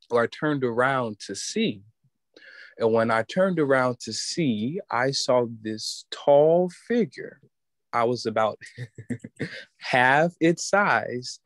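A man sharing a personal religious testimony in an earnest, halting way, often restarting as he looks for words. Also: mid-range voice, fairly bright tone, dry recording. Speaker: student giving testimony.

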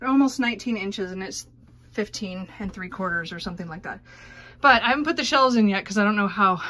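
A woman's voice: fairly high pitch, fairly bright tone. A woman chatting casually in a home vlog, rambling with frequent fillers while she works around her house, at times out of breath. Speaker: vlogger. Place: home bedroom closet.

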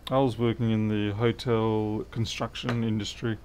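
A man's voice: on the low side, flat delivery, moderate pace, a little mellow, a little hiss or hum. A middle-aged man, chatting casually and thinking aloud while he works through a repair on a livestream. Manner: rambling, thinks aloud, answers chat.

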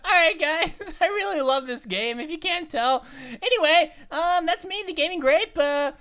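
A woman voicing a bubbly young female grape who hosts animated let's-play commentary, giggling, making puns and yelping at danger, over faint music. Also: very high-pitched, moderate pace, heavily acted. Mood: excitable. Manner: giggly, punny, yelps at danger. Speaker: host of gaming videos.

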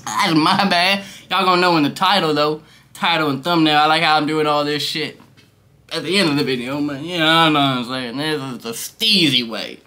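A young man vlogging at home, high and rambling in loose slang, laughing often. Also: brisk, sharp tone. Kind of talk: casual stoned review vlog. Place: his room.

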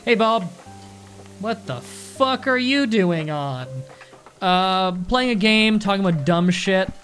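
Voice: medium pitch, animated, takes it slowly, a bit bright, faint music behind. A streamer chatting casually while playing a game, thanking viewers and swearing freely. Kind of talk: casual live-stream chat.

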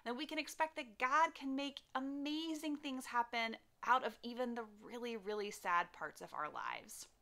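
A woman's voice: fairly high pitch, moderate pace, few pauses, fairly bright tone. A young woman teaching a children's church lesson, telling the story animatedly and acting out the characters.

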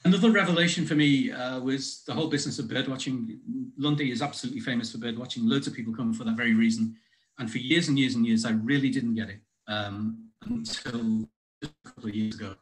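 A man's voice: medium pitch, rough recording. Middle-aged man reading his poems. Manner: measured, expressive recitation with deliberate pauses. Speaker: poet. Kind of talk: reading his own poems aloud with spoken asides.

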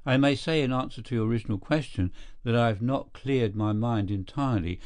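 A man voicing a keen, brisk male detective in an audiobook, speaking in a measured, precise and commanding way. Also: medium pitch, a little mellow, no echo, close to an everyday voice. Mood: reserved.

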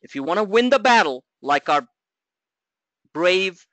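A middle-aged man hosting a live trading webinar, joking and talking loosely, with loud asides and low mutters. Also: expressive, measured pace, dry recording. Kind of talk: live market webinar talk.

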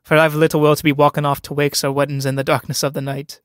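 A timid young suitor, uneasy and awkward, easily scandalized, read by a man performing a stage play. His voice is a touch high and the recording is dry and close. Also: completely flat delivery, quick pace, clean tone, no echo, close to an everyday voice.

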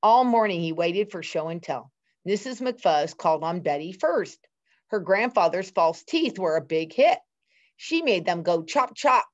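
Lively woman reading a storybook aloud. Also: lowish voice. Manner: expressive, chatty asides to the class. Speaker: teacher. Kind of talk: reading a picture book aloud to students. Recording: dull lo-fi recording.

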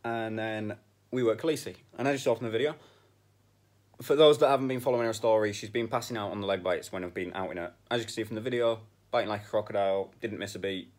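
A man's voice: lowish voice, fast. A man chatting casually in a vlog about dog training, blunt and swearing when frustrated. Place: outdoors in a field with dogs.

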